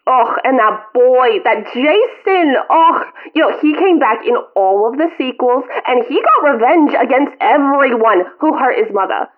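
A woman's voice: sits high, lively intonation, a little slow, few pauses, voice pushed up. A woman voicing a guilt-tripping elderly mother calling her son, melodramatic and self-pitying, over a tinny phone line.

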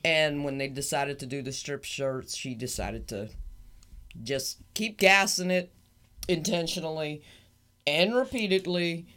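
A woman's voice: sits low, a little slow, a bit bright. A woman co-hosting a podcast in casual chat, teasing and often laughing as she tells a story. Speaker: podcast co-host.

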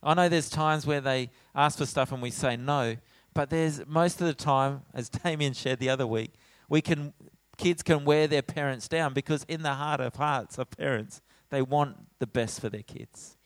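A middle-aged man preaching a sermon in a church as pastor, animated, acting out his own lines when he tells stories. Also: on the high side, dry recording. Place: church hall.

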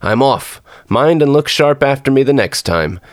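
A man's voice: mid-range voice, lively intonation, moderate pace, no echo, studio quality, pitched above the performer's own voice, close to an everyday voice. A man voicing a tiny, bold and playful boy in a storybook reading, with a chirpy, cheeky voice.

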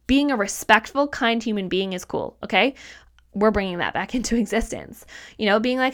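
A woman talks through a solo podcast episode as a mindset coach, her pitch leaping up and down as she drives each point home. She is emphatic and casual, repeats key lines for weight, and drops the odd swear word. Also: expressive, normal speed.

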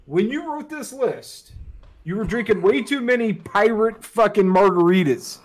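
A man on a podcast who scoffs and swears as he reads through a list. His voice sits high and jumps around a lot. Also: lively intonation, measured pace. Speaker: podcast co-host. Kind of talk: casual banter.

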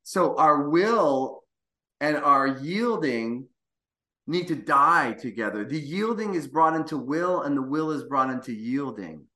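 Earnest guy talking deep spiritual stuff, bright voice, echoey room, hunts for words. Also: animated, measured pace. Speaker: co-host. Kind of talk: reflective spiritual conversation. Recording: roomy echo.

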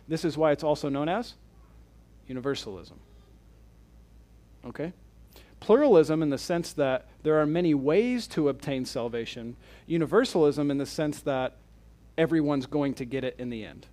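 A male pastor teaching in a conversational way, with a voice a little higher than most men's. He reads quotes aloud and paraphrases them with animated emphasis. He stops often to check that his listeners are following. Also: normal speed, long pauses. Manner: explains and paraphrases quotes in a lively way. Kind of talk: teaching sermon.

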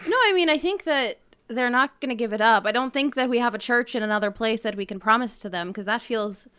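A woman's voice: on the high side, fast, bright, forceful tone, smooth. A woman playing a tabletop game, describing what her character does. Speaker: player. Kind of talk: tabletop role-play banter.

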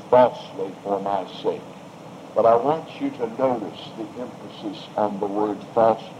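A man's voice: medium pitch, darkish tone. A man preaching a sermon with emphatic, rising and falling delivery and repeated phrases. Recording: dull lo-fi recording with faint noise.

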